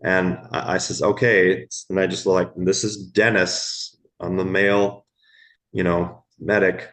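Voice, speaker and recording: A middle-aged man, telling stories from his years as an emergency room medic in a podcast interview, slow and halting, repeating words as he goes. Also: sits low, little pitch movement. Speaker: guest, former ER medic.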